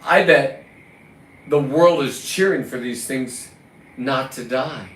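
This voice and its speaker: A man's voice: medium pitch, takes it slowly, a bit bright. A man from California, a lobster fisherman, delivering a combative, profane vlog rant and scolding the lobsters he caught. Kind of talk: ranting vlog monologue. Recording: roomy, distant mic, faint ambient noise.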